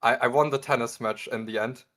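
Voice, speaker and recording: A man's voice: mid-range voice, steady tone, brisk, a bit bright. Hesitant man co-hosting a stream. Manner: hesitant, repeats words, many ums. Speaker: co-host guest. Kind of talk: casual livestream chat.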